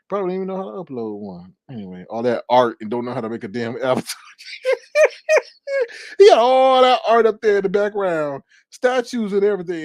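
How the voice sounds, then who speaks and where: A man hosting casual reaction commentary, teasing and animated, breaking into laughs and drawn-out exclamations. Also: high-pitched, no echo. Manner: drawn-out exclamations like "Lord have mercy". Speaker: commentary channel host.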